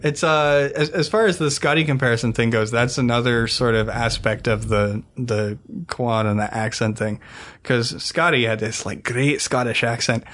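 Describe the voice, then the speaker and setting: A man's voice: mid-range voice, moderate pace, a bit bright. A man hosting a podcast in casual chat, eagerly sharing trivia and often restarting his sentences. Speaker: podcast host.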